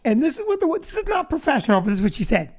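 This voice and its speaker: Lively joking man in his fifties. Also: extremely high pitch, rapid-fire. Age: 50s. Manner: animated, self-deprecating, jokey asides. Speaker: podcast host. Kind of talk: comedic storytelling monologue.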